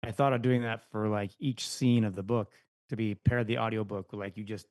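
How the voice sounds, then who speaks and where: A man's voice: lowish voice, steady tone, moderate pace, a little mellow, no room sound. A man appearing as a guest author on a podcast, talking eagerly and agreeably in a casual chat.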